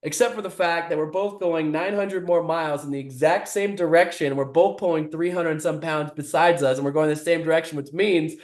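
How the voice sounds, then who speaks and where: A man, a guest speaker, telling a motivational story in an animated, vivid way. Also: fairly high pitch, brisk, few pauses, reverberant.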